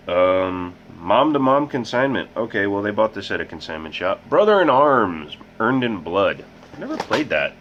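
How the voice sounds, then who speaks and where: A man hosting a casual game collection vlog, rambling and making joking asides about himself. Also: low-pitched. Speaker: host. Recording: muffled with loud background hiss.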